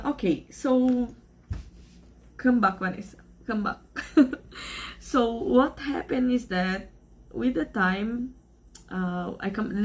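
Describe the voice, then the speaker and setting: A Brazilian woman, a native Portuguese speaker with a Brazilian Portuguese accent, talks to camera in a casual vlog. Her mid-range voice is a little mellow, and her English rambles as she speaks earnestly and emotionally.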